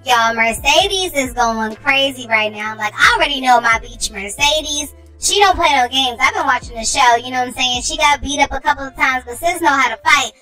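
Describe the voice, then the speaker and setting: A woman with a high, bright voice giving quick, slangy commentary on a life-sim game. She sounds excitable, with faint music behind her. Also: poor audio.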